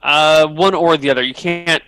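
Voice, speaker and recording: A man's voice: fairly high pitch, steady tone, moderate pace, sharp tone, clean tone, no echo, low-quality recording. A man narrating as dungeon master, patiently explaining rules step by step. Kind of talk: narrating a tabletop game.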